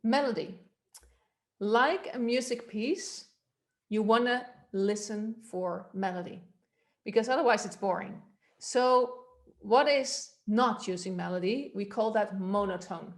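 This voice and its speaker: A woman's voice: mid-range voice, a little slow. A woman voice coach giving a workshop, explaining techniques in a loose, conversational way and demonstrating them aloud. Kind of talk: workshop instruction.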